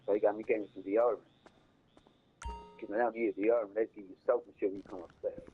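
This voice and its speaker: A man's voice: fairly low pitch, fairly even intonation, quick pace, breathy edge, narrow, tinny audio. A man casually telling a long rambling story, repeating himself and cursing, in slangy talk. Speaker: storyteller streaming a game.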